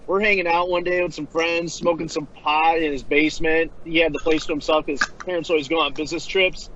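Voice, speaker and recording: A man's voice: fairly high pitch, fairly even intonation, fairly quick, bright, forceful tone, a little hiss or hum. A man chatting casually as a co-host, a laid-back storyteller who says dude and like a lot. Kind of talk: casual profane chat. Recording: dull lo-fi sound.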